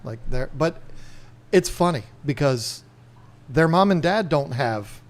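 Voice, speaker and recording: A man in his fifties co-hosts a relaxed podcast. He rambles happily from one thought to the next with eager energy. His voice sits a touch higher than most men's. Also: slow. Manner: rambling, enthusiastic. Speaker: podcast co-host. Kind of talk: casual chat.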